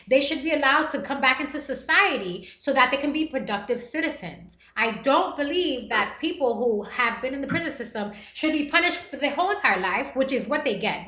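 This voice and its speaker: A woman's voice: sits high, bright, forceful tone, echoey room. A woman hosting a live stream, reading chat messages aloud and talking earnestly and emotionally. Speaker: livestream host reading chat. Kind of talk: casual live-stream talk.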